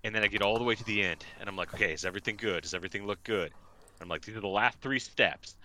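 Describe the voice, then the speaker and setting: A man with a bright, forceful voice chats casually and tells a story with plenty of swearing. He acts out each exchange in quick quoted bits. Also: fairly low pitch, a little hiss or hum. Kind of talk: casual chat.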